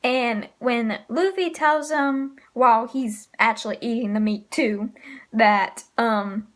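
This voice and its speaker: A woman casually recapping comic chapters, pausing often with fillers. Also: on the high side, a bit bright. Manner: hesitant, frequent filler pauses. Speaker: manga reviewer.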